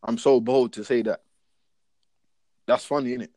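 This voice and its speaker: A man's voice: mid-range voice, moderate pace, dry recording. A young man tells stories in loose, slang-heavy chat, acting out his own old lines as he goes. His voice sits in a middle register and is recorded dry and close. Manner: slangy, keeps asking "do you get what I'm saying"; animated storyteller, acts out his own lines. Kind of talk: casual podcast chat.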